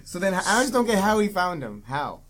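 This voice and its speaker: A man's voice: high voice, sing-song, brisk, a bit bright. A young man co-hosting a movie podcast, retelling scenes in a casual, swearing, mocking way. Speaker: podcast co-host. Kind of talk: casual movie review chat.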